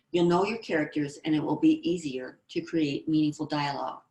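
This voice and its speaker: Female presenter, deep register, explanatory lecture delivery, echoey room sound. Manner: explanatory, reads out example lines. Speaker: screenwriting presenter. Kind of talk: instructional presentation.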